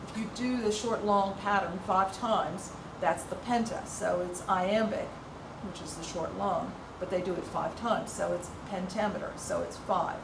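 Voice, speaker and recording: A woman's voice: on the low side, fairly even intonation, a little slow, creaky, hardly any pauses, echoey room, recorded from a distance, background noise. A woman teaching a music workshop, explaining patiently with some ums and restarts. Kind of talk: informal music lesson.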